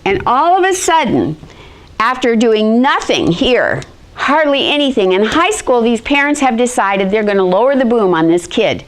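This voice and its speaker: Animated middle-aged woman teaching history. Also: on the high side, moderate pace. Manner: animated storyteller, acts out quotes in shifting voices. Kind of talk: classroom lesson with personal stories.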